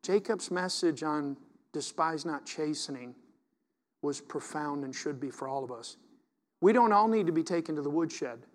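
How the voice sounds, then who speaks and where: A middle-aged man, a pastor preaching a sermon in a conversational way, asking the congregation questions and dropping to hushed asides. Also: a little high, normal speed.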